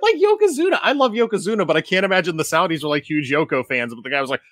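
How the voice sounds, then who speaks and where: A man co-hosting a podcast, chatting casually with animated, sarcastic rants. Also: on the high side, rapid-fire, few pauses, no echo. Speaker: podcast co-host. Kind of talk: casual chat.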